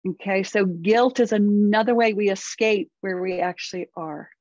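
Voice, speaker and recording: A middle-aged woman speaks as a parent coach in an earnest, animated way, often slipping into little acted bits of inner dialogue. Her voice sits at an ordinary middle pitch. The recording is close and dry with a slightly dull, muffled tone. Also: moderate pace, no echo. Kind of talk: conversational interview.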